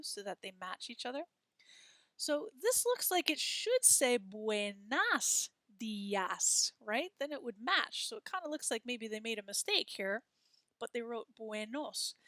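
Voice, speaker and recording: A woman teaching a Spanish lesson, explaining words and leading repeat-after-me drills with slow, careful pronunciation. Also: fairly high pitch, a bit bright, no room sound, studio quality.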